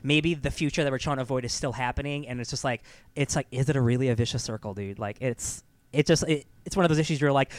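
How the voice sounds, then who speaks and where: A man co-hosting a podcast in casual chat, telling stories in a rambling, animated way with many fillers. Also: medium pitch, quick pace, no echo. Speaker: podcast co-host.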